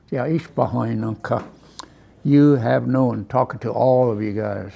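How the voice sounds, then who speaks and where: A man teaching a language class, relaxed, repeating words slowly for his students. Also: medium pitch, creaky.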